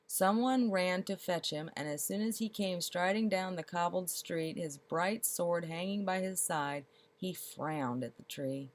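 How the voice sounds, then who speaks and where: Lower-voiced woman reading a storybook. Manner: expressive, slows for comic detail. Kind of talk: storybook read-aloud.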